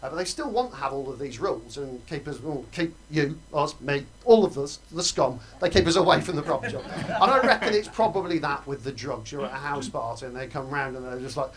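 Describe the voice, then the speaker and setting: A young man doing a stand-up comedy set on a club stage, quick and self-mocking, breaking into loud put-on voices. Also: a little high, animated. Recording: live room with audience laughter. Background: audience laughing.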